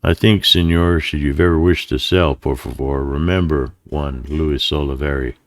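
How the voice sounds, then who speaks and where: A man voicing a smooth, greedy Mexican cavalry colonel who speaks courteously and flatteringly. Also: very deep voice, normal speed, dry recording. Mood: persuasive.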